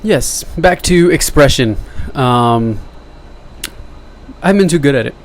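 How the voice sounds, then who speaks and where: A man's voice: medium pitch, expressive, a little slow. Rambling joking young man on camera. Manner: jokey, self-deprecating, wandering asides. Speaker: vlogger. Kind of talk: rambling casual monologue to camera.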